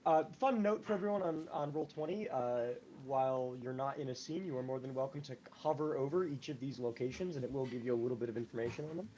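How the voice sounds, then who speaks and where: A man's voice: mid-range voice, fast, few pauses, dark tone, slight background noise, rough recording. Rambling man running a tabletop game. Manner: rambling, full of "like" and "um". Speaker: game master.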